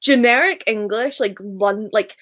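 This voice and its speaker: A Scottish woman chatting casually on a live stream, enthusiastic and quick to laugh. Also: mid-range voice, fairly bright tone. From Scotland. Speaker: booktuber co-host.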